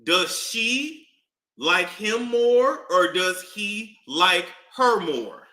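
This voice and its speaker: Male streamer, New York accent, gossip commentator, lively, drawling. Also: high voice. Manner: animated, drawn-out, repetitive. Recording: echoey room.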